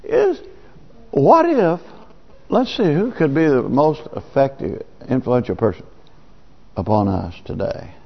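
A pastor gives a sermon in a church sanctuary, plainly and conversationally, with a folksy touch. His mid-range voice is very animated yet measured in pace, with vocal fry and long pauses, on a dull lo-fi church recording with long reverb.

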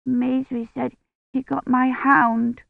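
A woman's voice: flat delivery, slow pace, vocal fry, dry recording, heavily acted. Woman doing a quavering, frightened little girl. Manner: quavering, high childlike voice. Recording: dry, tinny phone-like sound.

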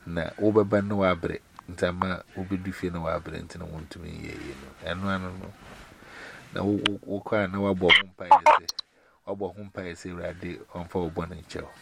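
A man's voice: low voice, steady tone, moderate pace, gravelly. A man chatting casually on a call, rambling in broken pidgin English and often laughing. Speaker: caller. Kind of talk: casual chat. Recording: loud noisy call recording.

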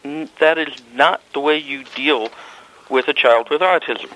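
A man calling a hotel desk with a complaint, measured, deliberate and insistent. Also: on the high side, bright, forceful tone, low-quality recording. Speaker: hotel guest caller. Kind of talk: phone complaint.

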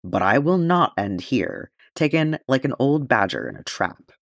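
A man reading the lines of an old, weary king, slow and heavy in delivery. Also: medium pitch, sing-song, vocal fry, no echo, voice pushed up, heavily acted. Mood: grim.

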